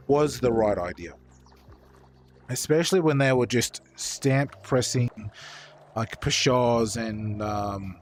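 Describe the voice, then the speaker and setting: A man's voice: medium pitch, slight background noise. A young man streaming while painting models, chatting casually with viewers in a rambling, profane way with lots of fillers.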